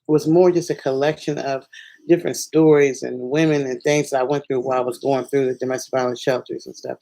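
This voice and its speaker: A woman chatting excitedly on her first livestream from home at night, rambling and laughing, with sudden bursts of squealing joy. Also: low-pitched, rough recording. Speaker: filmmaker and singer doing her first livestream. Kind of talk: casual excited livestream chat.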